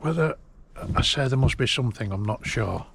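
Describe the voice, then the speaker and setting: A man, telling a personal memory in a halting, emotional way and laughing through it, recorded outdoors in a garden. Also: medium pitch, animated, gravelly, background noise. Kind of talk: casual storytelling.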